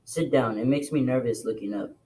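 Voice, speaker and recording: A man's voice: fairly quick, close to an everyday voice, low-quality recording. A man reading a novel aloud and voicing a hulking, threatening biker gang boss. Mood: menacing. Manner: low, quiet, threatening. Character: menacing burly adult male biker boss.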